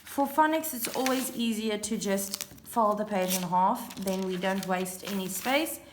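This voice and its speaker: Woman, primary teacher, very slow and deliberate, phonics lesson for young learners. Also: medium pitch, background noise. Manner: slow, clear, sounding out letters and counting aloud.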